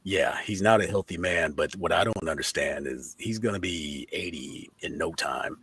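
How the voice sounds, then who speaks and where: A man's voice: sits low, normal speed, fairly bright tone, husky, no echo. A man hosting a casual talk show, talking animatedly, swearing freely and laughing often. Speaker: podcast host. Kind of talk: casual profane commentary.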